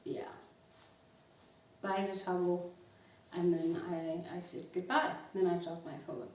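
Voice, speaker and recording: A South African woman in her twenties telling a story vlog-style, lively and mixing in isiXhosa phrases while acting out both sides of a conversation. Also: fairly low pitch, slow pace, slight background noise. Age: 20s. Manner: animated, mixes isiXhosa phrases into English, acts out both sides of a chat. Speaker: vlogger. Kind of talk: casual storytime. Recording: echoey room, mic a bit far.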